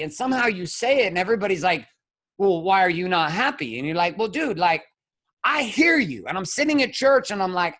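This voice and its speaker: Fiery, profane man with swinging pitch. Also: very animated, brisk. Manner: blunt, profane, swings from shouting to low intensity. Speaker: podcast guest, men's coach. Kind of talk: impassioned conversational monologue.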